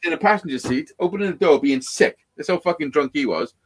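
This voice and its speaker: Guy, slightly high voice, sweary anecdotes on a live stream chat. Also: expressive, fast. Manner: swears constantly, acts out quoted dialogue animatedly. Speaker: livestream co-host. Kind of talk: casual storytelling chat.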